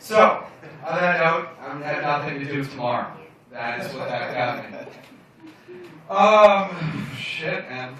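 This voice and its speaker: A man's voice: on the high side, lively intonation, a little slow, bright, forceful tone. A young man doing a stand-up comedy set in a bar lounge, telling stories in a brash, profane, self-mocking way. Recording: echoey bar room from far off.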